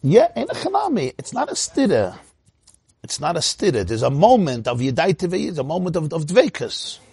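Animated husky man teaching a class. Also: moderate pace, dry recording. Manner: animated, laughs often, swoops up into a high voice.

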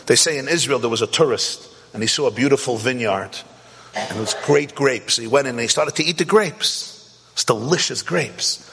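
A man teaching a Torah class, animated and rising to shouts to stress a point. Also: medium pitch, normal speed, gravelly, breathy edge, long reverb tail. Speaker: rabbi.

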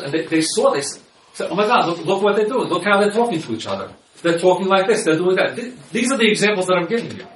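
A man's voice: on the high side, a bit bright, slight background noise. Man lecturing in an echoey room. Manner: conversational, repeats words while restarting, acts out example dialogue. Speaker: marriage counselor. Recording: echoey room, mic at a distance.

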